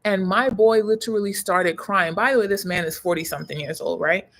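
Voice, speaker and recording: A woman's voice: medium pitch, a little fast. A woman in her thirties, a coach, talking casually to camera in an emphatic, conversational way, leaning on slang and repeating key words for weight. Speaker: human design coach. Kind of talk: casual direct-to-camera talk.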